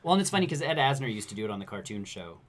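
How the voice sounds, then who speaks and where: A man co-hosting a casual podcast chat, rambling and animated as he tells stories. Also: mid-range voice, very fast. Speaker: podcast co-host.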